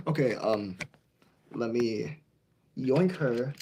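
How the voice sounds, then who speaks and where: A young man streaming his model railway layout in casual commentary, excitable and prone to yelling at the trains. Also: mid-range voice, slow pace, long pauses, slight background noise. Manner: excitable, yells at toy trains.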